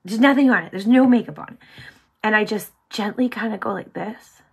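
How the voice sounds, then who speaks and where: A woman hosting a casual makeup tutorial, bubbly and chatty, full of "like", often dropping to a soft whisper. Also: medium pitch, a little fast, gravelly, breathy edge. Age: adult with sons. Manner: bubbly, chatty, heavy use of "like".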